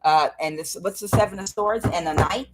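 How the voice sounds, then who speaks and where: Excitable tarot lady talking to her viewers, mutters low then gets loud, swears casually. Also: moderate pace. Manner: swears casually, addresses viewers as guys and y'all. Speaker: tarot reader. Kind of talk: tarot reading to a channel audience.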